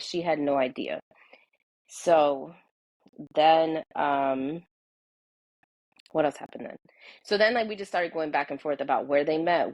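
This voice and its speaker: A woman with a notably low voice speaks as a podcast guest, recorded close and dry. She rambles through her story, leans heavily on "like", and laughs easily. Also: no room sound, poor audio. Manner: rambling, filler-heavy, laughs often. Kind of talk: casual storytelling chat.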